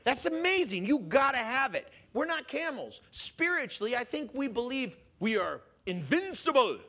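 A man preaching a sermon in an animated way, questioning his listeners and chuckling as he goes. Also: very high voice, moderate pace. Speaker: pastor.

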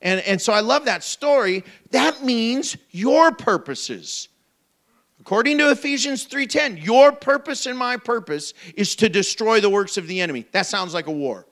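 A pastor with a high voice delivers an animated sermon at a moderate pace. He slips into playful put-on voices and jokes, keeping it lively and conversational.

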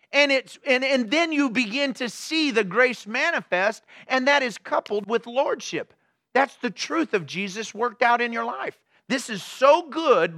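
A man's voice: high voice, sharp tone, no echo, studio quality. A male pastor preaching a conversational sermon, full of rhetorical questions and acted-out everyday scenes.

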